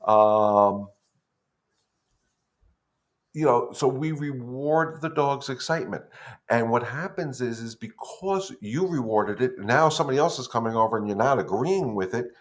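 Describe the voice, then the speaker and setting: A man's voice: medium pitch, lively intonation, unhurried. A middle-aged man, a dog trainer, talking casually on a live stream, greeting viewers by name as he explains things. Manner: chatty, loose, greets viewers by name mid-thought.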